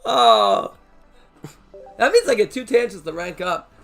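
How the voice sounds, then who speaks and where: A man streaming a card game live, reacting loudly, swearing and shouting at big plays. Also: high voice, a little slow. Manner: excitable, swears, shouts at wins. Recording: faint music behind.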